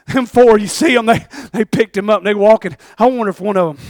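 A man preaching a fervent sermon with sudden shouted bursts. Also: sits high, fast, dry recording.

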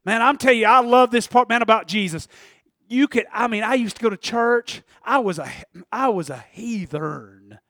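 A man preaching a sermon in church, talking conversationally, laughing often and building to shouts. His voice sits very high for a man. The recording is close and dry. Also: brisk, no room sound.

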